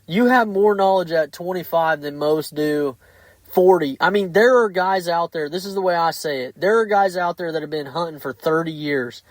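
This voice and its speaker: A blunt, foul-mouthed man hosts a casual podcast chat and swears his way through animated stories. His voice sits a touch high. The sound is close and dry. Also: dry recording, low-quality recording. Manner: profane, blunt, animated storytelling. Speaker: podcast host.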